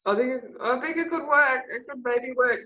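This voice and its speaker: A woman's voice: high-pitched, moderate pace, highs cut off. A woman interviewing an author, gushing with enthusiasm in a casual chat.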